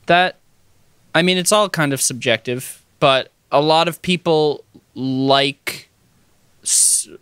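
A young man chatting on a podcast, thinking out loud and hedging with fillers and unfinished sentences. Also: on the high side, slow pace, clear, resonant tone, no room sound. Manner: thoughtful, hesitant with fillers and trailing sentences. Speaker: podcast co-host. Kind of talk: casual chat.

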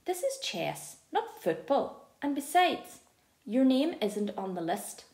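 A woman's voice: sits high, sing-song, slow, a little mellow, reverberant, full character voice. A woman voicing a bossy schoolboy organiser who talks in a curt, snarling way.

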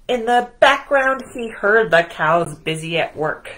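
A woman librarian reading a picture book aloud at children's storytime, animated and asking the kids questions. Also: medium pitch, measured pace, hardly any pauses, low-quality recording.

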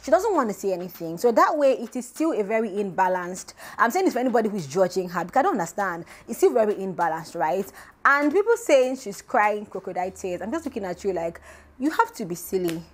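A woman's voice: sing-song, brisk. Emphatic woman vlogger. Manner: emphatic and rhetorical, voice often jumping up high. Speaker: vlogger host. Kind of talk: casual celebrity gossip commentary.

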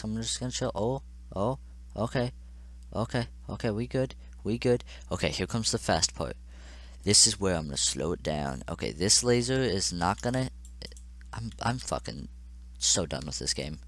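A young man with a lowish voice narrates his own gameplay, swinging between groans, pleading and cheers as he talks straight to the game. Keyboard typing clicks away behind him. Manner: frustrated, exclamatory, talking to the game. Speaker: gaming channel host. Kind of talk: let's play commentary.

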